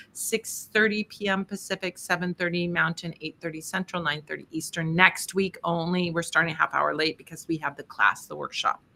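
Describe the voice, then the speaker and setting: A woman's voice: mid-range voice, sharp tone, slight background noise. A woman hosting a charity tarot stream, chatting casually and laughing often as she tells stories and reads cards. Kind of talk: casual storytelling and tarot reading.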